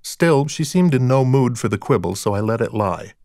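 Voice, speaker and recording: A man narrating a first-person audiobook in a dry, wry, deadpan manner. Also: medium pitch, normal speed, no room sound.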